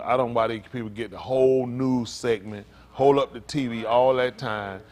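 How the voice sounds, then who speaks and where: Animated joking pastor. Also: male voice, fairly low pitch, fairly quick, few pauses. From United States. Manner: animated, laughing, teasing the congregation; blunt, preachy, repeats "isn't that right?". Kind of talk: informal joking sermon talk.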